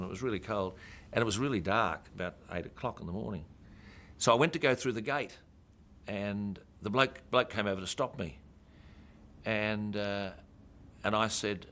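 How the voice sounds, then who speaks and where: Older aussie bloke, lowish voice, spinning a yarn, acts out the back and forth, stumbles and repeats himself. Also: male voice. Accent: Australian. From Australia. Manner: animated, acts out dialogue with rising pitch; repeats and restarts words. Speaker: former rugby coach. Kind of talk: anecdotal storytelling.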